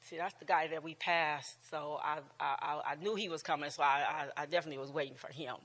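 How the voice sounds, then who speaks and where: A woman's voice: deep voice, steady tone, quick pace, fairly bright tone, long reverb tail. A woman in her sixties teaching a church class, chatting casually, laughing often and restarting her sentences. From United States. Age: 60s. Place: church room with long reverb.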